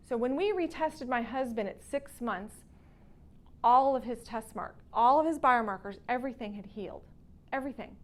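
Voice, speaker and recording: A woman's voice: fairly high pitch, normal speed. A woman with a Texan accent, a wellness doctor, talking casually and telling a story, acting out the lines she quotes. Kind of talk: casual talk to patients.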